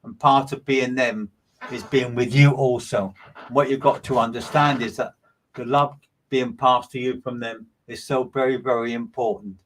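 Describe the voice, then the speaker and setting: A man's voice: mid-range voice, fairly even intonation, moderate pace, fairly bright tone, a little hiss or hum. A man giving live mediumship readings to viewers, in a chatty, gushing and rambling way with frequent stumbles. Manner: gushing, affectionate delivery. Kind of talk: livestreamed psychic reading.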